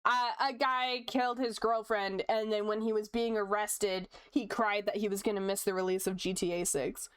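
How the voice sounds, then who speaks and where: A woman's voice: medium pitch, steady tone, moderate pace, hardly any pauses, smooth. A young woman streamer chatting casually while she draws, reading chat aloud, laughing often and swearing freely.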